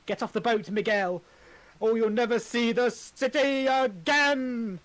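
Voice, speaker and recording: Imagine a cocky young swindler who gets nervous fast, as a man puts him on in a fan script reading. His lines burst out in an urgent, stammering rush. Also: extremely high pitch, a bit bright, voice pushed up.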